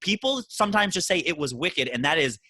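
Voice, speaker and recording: A man's voice: fairly high pitch, sing-song, a little fast, bright, forceful tone, no room sound. A man hosting a casual podcast chat, joking and telling stories in a teasing way. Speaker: podcast host.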